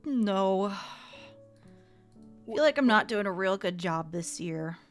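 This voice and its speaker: A woman voicing a sad, lonely male winter spirit in a tabletop game, talking softly and dejectedly. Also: medium pitch, lively intonation, takes it slowly, faint music behind, voice pushed down.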